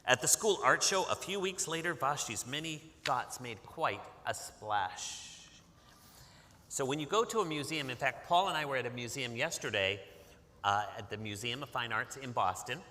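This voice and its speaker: In a hall with long reverb, a Massachusetts author reads a picture book aloud to children and coaxes them into call-and-response. His voice is medium-pitched and sharp, at a moderate pace.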